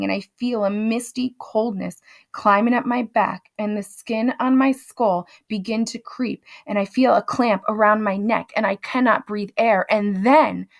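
A woman's voice: mid-range voice, gravelly. A woman reading the lines of an anxious, insistent young servant girl, in an earnest, pleading manner. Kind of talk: dramatic reading aloud.

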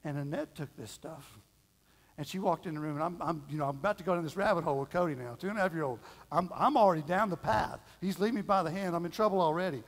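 Middle-aged male pastor, folksy storyteller, slightly high voice, church hall reverb. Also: quick pace. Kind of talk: sermon. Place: church sanctuary.

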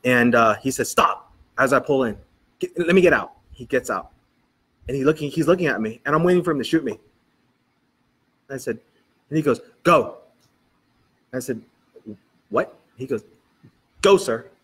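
A man's voice: medium pitch, fairly quick, long pauses, a bit bright, husky. A middle-aged man preaching as a pastor, telling a personal story in church and acting out the dialogue as he goes. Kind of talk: storytelling sermon.

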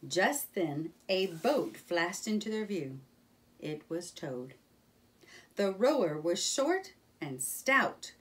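A woman reading a children's storybook aloud in a gentle, expressive manner. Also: fairly low pitch, recorded from a distance.

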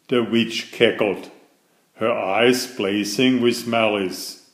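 A man reading a fairytale aloud in slow, expressive, scripted storybook narration. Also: on the low side. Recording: echoey room.

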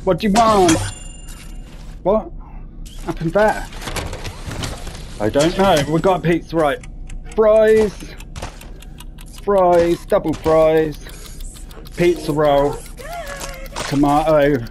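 A man's voice: on the high side, slow pace, long pauses, over music. A man giving casual, sweary commentary while playing a VR game and talking to himself. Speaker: gaming commentator. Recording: clear background noise.

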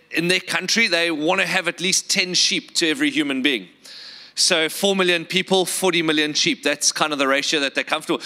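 A man's voice: a little high, sharp tone. A man with a South African accent preaching a sermon earnestly, with repeated words and rhetorical questions. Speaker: pastor.

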